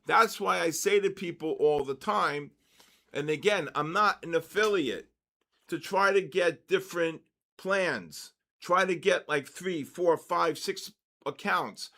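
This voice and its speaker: A man's voice: on the high side, slow, vocal fry, pushed and bright. A man in his sixties hosting a live trading session, lecturing emphatically and driving points home with repeated "okay?" and "all right?".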